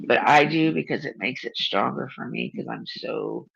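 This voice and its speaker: Gravelly-voiced woman on a muffled video call. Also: very deep voice, moderate pace, fairly bright tone. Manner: blunt, swears freely, bossy teasing. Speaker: channel host. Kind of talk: casual video chat.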